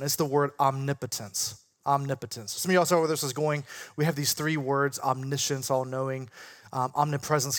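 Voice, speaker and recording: A man leading an interactive Bible study, questioning the group and explaining points with emphasis. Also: mid-range voice.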